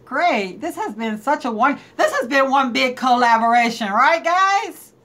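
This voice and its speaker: A woman's voice: on the high side, moderate pace, fairly bright tone. Chatty woman streaming live. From North Carolina. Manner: chatty, greets viewers by name, laughs often. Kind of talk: casual live-stream chat.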